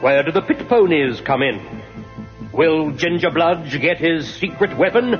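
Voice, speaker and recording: A man's voice: fairly high pitch, expressive, a little slow, faint music behind. A man working as a mock TV announcer, with a grand, theatrical delivery. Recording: dull lo-fi broadcast recording.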